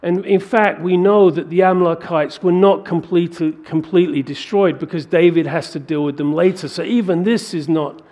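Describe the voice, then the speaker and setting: A man preaching a sermon, working through a scripture passage with animated rhetorical questions. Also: fairly high pitch, moderate pace, hardly any pauses. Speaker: pastor.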